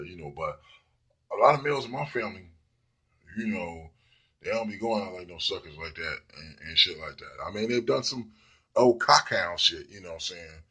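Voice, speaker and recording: A man's voice: deep voice, pushed and bright, breathy edge. A man giving a blunt, profane casual monologue full of fillers. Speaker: commentator.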